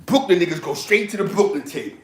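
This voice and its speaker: A fast-talking man with a high-pitched voice tells stories from the streets and prison, chatting casually. He's animated, laughs a great deal and performs other people's quotes, all in an echoey room.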